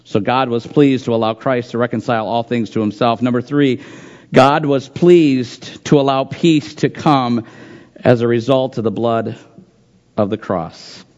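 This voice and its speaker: A man's voice: medium pitch, steady tone, unhurried, a little mellow, muffled recording. A man preaching a sermon, reading scripture aloud and repeating phrases for emphasis in an earnest pulpit manner. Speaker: pastor.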